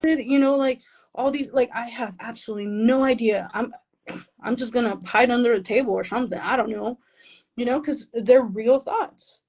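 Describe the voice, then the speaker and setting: Poor audio captures a woman author of Mexican family, raised in the US, during an interview, her high-leaning voice darkish and slightly rough at a moderate pace. She talks casually, pokes fun at herself, laughs often, and slips Spanish phrases into her English.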